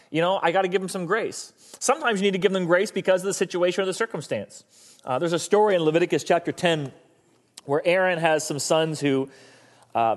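A man preaching in a relaxed, conversational way, with a voice a little higher than most men's. He slips into quick acted-out voices for the people in his stories and often asks his listeners questions. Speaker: pastor. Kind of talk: sermon.

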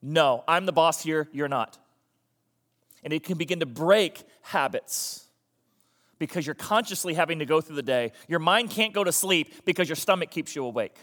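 A man preaching a sermon as a pastor, animated and emphatic, repeating phrases for effect. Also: on the high side, normal speed, in a large hall.

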